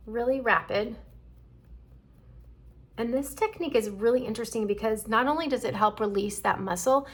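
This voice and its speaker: A middle-aged woman, an esthetician, calmly walking viewers through a skincare demonstration and checking in often. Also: mid-range voice, creaky, husky. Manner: calm instructive, checks in with "okay?".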